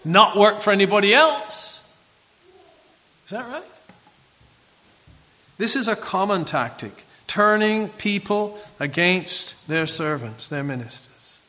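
Animated preacher man in a reverberant hall. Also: sits high, takes it slowly, pauses often. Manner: animated, acts out voices of biblical figures. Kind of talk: sermon.

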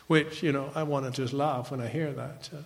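A man's voice: mid-range voice, fairly even intonation, a little fast, vocal fry, long reverb tail. A man giving a conversational Bible teaching lecture, often checking in with a rhetorical "right?".

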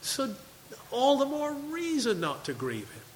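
A man's voice: very high-pitched, huge pitch swings, a little slow, big-room sound, a little hiss or hum, rough recording. A man preaching a sermon to his congregation, reading scripture and asking questions. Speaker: pastor. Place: church sanctuary.

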